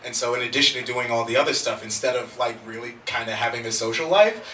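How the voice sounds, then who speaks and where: Man from Nigeria, bright wry voice. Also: medium pitch, fast, slight background noise. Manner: wry, self-deprecating storytelling. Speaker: author on a panel. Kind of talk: casual panel talk. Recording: echoey room, distant mic.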